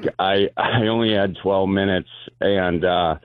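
A man's voice: deep voice, steady tone, measured pace, clear, resonant tone, no echo. A man with a Wisconsin accent, a guest comedian chatting in a laid-back, self-deprecating way on a phone line. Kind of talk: casual phone interview.

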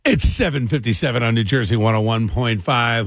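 A man's voice: mid-range voice, brisk, no echo. A man hosting a call-in radio talk show, chatting casually and rambling with fillers.

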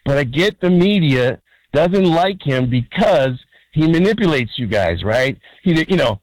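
Male radio caller, slightly high voice, dry sound, rambling, restarts often. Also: animated, brisk, dry recording, rough recording. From California. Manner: rambling, full of fillers and restarts, keeps asking "right?". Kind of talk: phone-in call.

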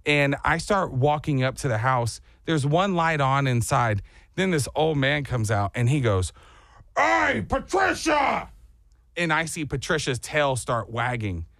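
A man hosting a morning radio show, telling a story in a casual, animated way and jumping into high voices for quoted lines. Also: normal speed, dry recording, studio quality.

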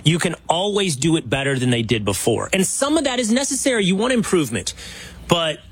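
A man's voice: a little high, sing-song, brisk, slightly rough, no room sound. A male talk show host giving emphatic, opinionated remarks.

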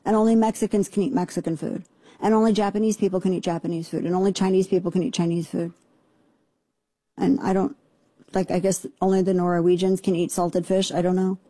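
A middle-aged woman hosts a talk radio show in a fast, sarcastic, indignant rant. Her voice sits low and sounds mellow and dark. The studio sound is close and dry. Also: flat delivery, no echo. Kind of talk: opinionated talk radio monologue. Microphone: studio microphone.

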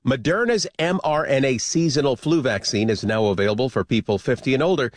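A man reading a radio newscast in a measured delivery. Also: medium pitch, no echo, studio quality. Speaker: radio news anchor. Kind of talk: news reading.

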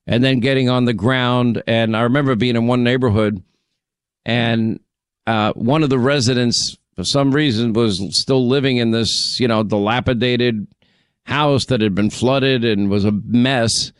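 A man's voice: mid-range voice, fairly even intonation, a little slow, clean tone, no echo, clean studio sound. A middle-aged man hosting a call-in radio show, chatting with callers, reminiscing and teasing them about their accents. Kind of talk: casual call-in chat.

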